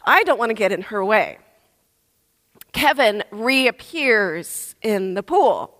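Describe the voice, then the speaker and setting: A woman in her thirties preaching a sermon, telling a story in a lively way. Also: mid-range voice, slow. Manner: lively storytelling, acts out voices. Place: church. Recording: long reverb of a large hall.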